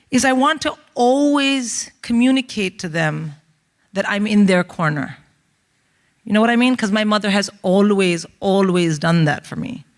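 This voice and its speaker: Animated Indian woman telling stage stories. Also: mid-range voice. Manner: animated, acts out family members in voices. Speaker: comedian co-host. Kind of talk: stand-up storytelling to a live audience. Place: large theatre stage. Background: audience laughter.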